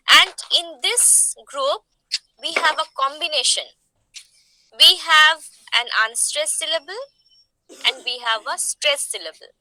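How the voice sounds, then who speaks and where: A woman teaching poetic meter, explaining slowly and asking rhetorical questions. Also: high-pitched, pushed and bright, no echo, poor audio. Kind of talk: poetry meter lesson.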